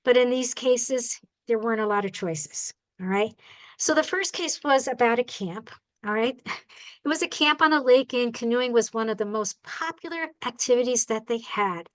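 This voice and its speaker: Chatty female bird rehabilitator, high voice, animated storyteller who checks in with the room. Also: normal speed, low-quality recording. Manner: animated, acts out the people and birds in her stories; chatty, asks the audience "all right?". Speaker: bird rehabilitator giving a talk. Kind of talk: storytelling talk to a club.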